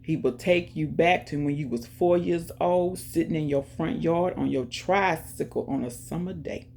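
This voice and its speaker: A woman hosting her own channel, chatting casually and directly to viewers, giving shout-outs and talking about faith. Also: low-pitched, moderate pace, a little hiss or hum. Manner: chatty, talks straight to viewers with lots of "y'all". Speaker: YouTube channel host. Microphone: earphones in, music playing in her ear.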